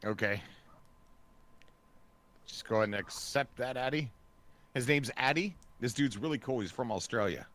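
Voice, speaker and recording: A man's voice: mid-range voice, expressive, moderate pace, pauses often, a bit bright. A man with an American accent hosting a live stream, playful and teasing in casual chat. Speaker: stream host.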